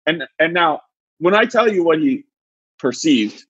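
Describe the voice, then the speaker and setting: A man's voice: measured pace, muffled recording, a little hiss or hum. A man in his thirties, a podcast co-host, telling a story in casual chat and acting out quotes in a raised voice. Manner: animated, acts out quotes in high voices.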